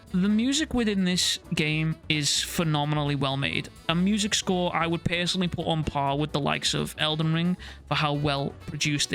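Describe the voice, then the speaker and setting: A man's voice: fairly high pitch, vocal fry, a bit bright. A young man narrating a scripted video game review, with casual, profane asides.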